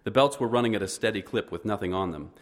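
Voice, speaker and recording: Deep-voiced male audiobook narrator. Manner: measured, descriptive, understated. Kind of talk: audiobook narration, first person.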